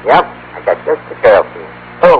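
A brash wisecracking tavern manager. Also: male voice, on the low side, sing-song, a little fast. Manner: brash, streetwise, ungrammatical wisecracks. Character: fast-talking wisecracking tavern manager, adult man. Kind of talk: 1940s radio comedy acting. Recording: muffled old radio broadcast with loud hiss.

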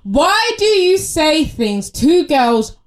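A young woman on a podcast rants with lots of feeling. Her voice sits very high and leaps all over the place. Her talk stays casual and quick to react. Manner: expressive, ranting. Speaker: podcast co-host. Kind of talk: casual chat.

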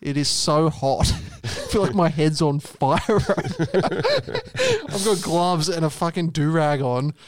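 A man's voice: fairly high pitch, a little slow, crowd noise. A young Australian man co-hosting a podcast, swearing and teasing in casual chat. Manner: laughing, swearing, teasing banter. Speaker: podcast co-host.

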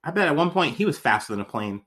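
A young male podcast co-host with a lively, swooping voice that rises and falls constantly. He rambles through loose comedic chat, leaning on "like" and cursing freely. The delivery is offhand and unscripted. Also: on the high side, fast. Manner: animated, rambling, heavy use of "like", swears freely.

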